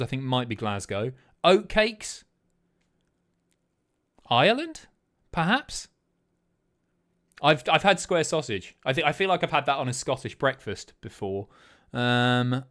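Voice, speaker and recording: A man's voice: fairly high pitch, big pitch swings, measured pace, pauses often, a bit bright. A man hosting a live stream, chatting casually, swearing and guessing aloud as he reads chat. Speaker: streamer host.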